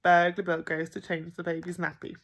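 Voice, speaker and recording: A woman reading a picture book aloud to children as a primary school teacher, expressive and playful. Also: fairly low pitch, fairly quick. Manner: expressive, with gasps and playful emphasis.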